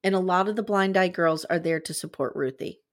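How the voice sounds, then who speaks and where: A woman's voice: lowish voice, fairly quick. A young adult woman co-hosting a podcast, earnestly retelling events step by step in casual chat. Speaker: podcast co-host.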